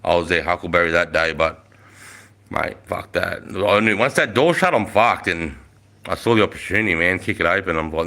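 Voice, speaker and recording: A man's voice: deep voice, lively intonation, fairly quick, bright, forceful tone. A man with an Australian accent, in his forties, telling army stories and chatting with viewers on a casual live stream, swearing freely. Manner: swears a lot, laid-back, reads chat aloud. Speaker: livestream host, ex-soldier.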